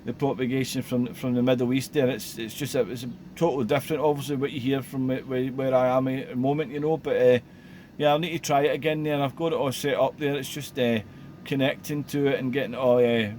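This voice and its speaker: A man, chatting casually over CB radio, relaxed and rambling with lots of radio jargon. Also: medium pitch, quick pace. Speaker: CB radio operator. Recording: faint background noise.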